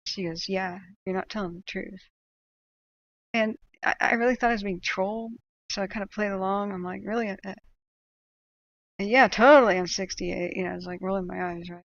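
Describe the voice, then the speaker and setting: A woman's voice: mid-range voice, brisk. Chatty ranting woman streamer, lo-fi audio. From United States. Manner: animated, ranting, chatty with laughs and fillers. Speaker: livestream host tracking wildfires. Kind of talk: casual livestream commentary.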